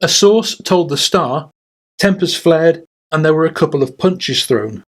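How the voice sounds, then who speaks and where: A man narrates a scripted documentary for his channel in a fairly high voice. His delivery is measured and wry. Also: expressive. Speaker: YouTube host.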